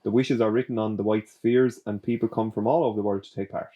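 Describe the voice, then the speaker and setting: Male co-host, dark mellow voice, dry fact-reader. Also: lowish voice, fairly even intonation, fast, highs cut off. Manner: wry, ends facts with "there you go". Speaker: podcast co-host. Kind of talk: casual chat, reading fun facts.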